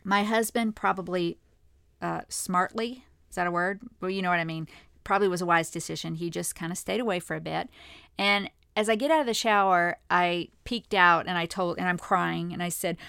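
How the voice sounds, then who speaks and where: A woman in her fifties hosting a podcast, telling a personal story to listeners in a candid, chatty way that sometimes drops to a hush. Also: fairly low pitch, moderate pace, gravelly, smooth, no room sound, studio quality. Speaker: podcast host.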